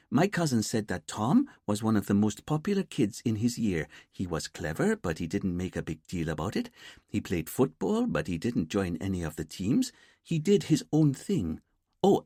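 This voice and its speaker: An eager young police officer, voiced by a man, pitched higher and lively as he reports in. A husky edge runs through the voice. The sound is dry and close. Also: no echo. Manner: keen, helpful.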